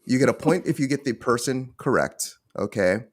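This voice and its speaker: A man's voice: medium pitch, expressive, moderate pace. A man hosting a casual gaming podcast, explaining game rules step by step and checking in with his co-hosts. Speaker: podcast host.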